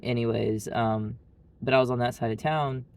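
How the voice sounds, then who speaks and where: A man's voice: medium pitch, steady tone, normal speed. A man from Arkansas with an Arkansas accent, telling a story in a blunt, rambling casual monologue full of "like". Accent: Southern US, Arkansas. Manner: blunt, rambling, heavy use of "like". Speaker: vlogger.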